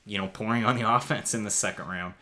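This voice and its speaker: A man with a low voice calls the action as co-host of a live fight watch-along. He gives steady play-by-play and turns often to the viewers at home. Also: fast.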